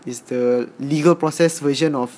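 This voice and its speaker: Young man, malaysian english accent, dry teasing podcast co-host, a bit high-pitched. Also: fairly even intonation, normal speed, a little mellow. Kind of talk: casual chat.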